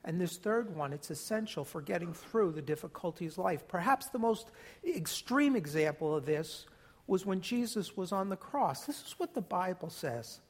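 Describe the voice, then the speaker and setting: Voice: medium pitch, lively intonation, normal speed, husky. A pastor preaches a sermon in a church, emphatic and direct, stressing key words and calling on the congregation to respond.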